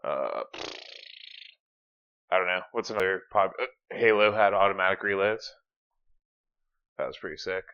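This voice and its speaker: A man's voice: deep voice, moderate pace, creaky, long pauses, a little hiss or hum. A man co-hosting a podcast, talking casually with lots of fillers and swearing. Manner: profane, filler-heavy, energetic. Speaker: podcast co-host. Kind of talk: casual chat. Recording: dull lo-fi mic.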